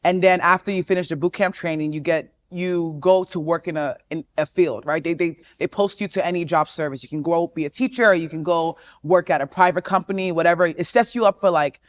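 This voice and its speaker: A woman in her twenties, a guest in a casual interview, telling her story with animated energy. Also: lowish voice, a little fast, hardly any pauses, no room sound. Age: 20s. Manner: animated storytelling, often acting out quotes.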